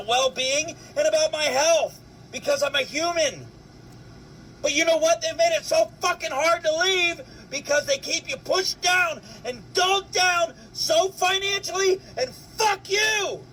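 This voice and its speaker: A man vents his anger straight to camera in a very high, sharp voice. He swears and fires off one rhetorical question after another, sometimes breaking into shouts. A faint hum of traffic sits behind him. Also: rough recording. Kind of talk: angry rant to camera.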